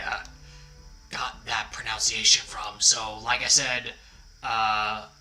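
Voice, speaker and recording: Quiet music sits under a bright, medium-pitched male voice that speaks slowly in a casual livestream chat. The host rambles, apologizes, and pokes fun at himself, and the audio quality is poor.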